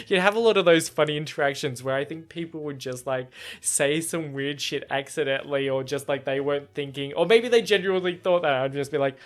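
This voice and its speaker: A man's voice: fairly quick, soft background music. Young man, light feminine voice. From Australia. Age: young adult. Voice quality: somewhat feminine voice. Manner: animated storytelling, frequent laughs, jumps into high-pitched acted quotes. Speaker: podcast host. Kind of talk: solo casual podcast chat.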